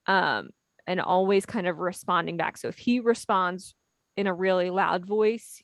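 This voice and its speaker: A woman specialist giving gentle, explanatory advice on a webinar video call. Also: on the low side, animated, measured pace, creaky, dry recording. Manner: gentle, explanatory, with many fillers.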